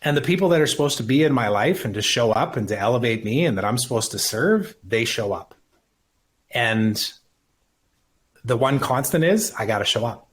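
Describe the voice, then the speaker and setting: A man's voice: mid-range voice, expressive, normal speed. A man in his thirties, a podcast guest, talking earnestly and emphatically about his life, swearing casually. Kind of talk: emotional personal conversation.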